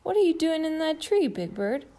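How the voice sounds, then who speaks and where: A woman's voice: sits high, very animated, normal speed, dark tone, voice pushed up. A woman voicing a helpful, practical construction worker in a storybook reading. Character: helpful male construction worker, grown man.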